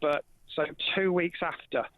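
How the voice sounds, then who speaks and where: A man's voice: a little high, unhurried, dry recording. A male caller on a phone-in radio show, talking in a heated way and repeating words when worked up. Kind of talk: phone-in call. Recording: tinny phone line.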